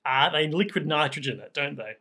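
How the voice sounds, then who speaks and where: A man's voice: on the high side, lively intonation, fairly quick, pushed and bright, husky. A man, co-hosting a podcast and recapping stories in casual, playful chat, laughing often. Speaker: podcast co-host.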